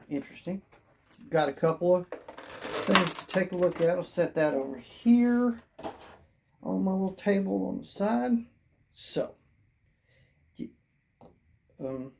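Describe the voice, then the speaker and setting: A hoarse toy reviewer who says they are losing their voice, narrating an unboxing in a chatty, rambling way and thinking out loud. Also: mid-range voice, slight background noise.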